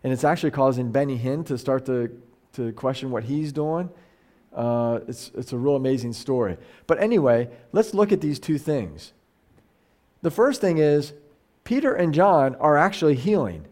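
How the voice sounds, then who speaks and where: A man's voice: mid-range voice, very animated, normal speed, darkish tone. A middle-aged man teaching a Bible study as a pastor, talking casually and animatedly, with frequent restarts and quoted voices acted out. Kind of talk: casual conversational sermon.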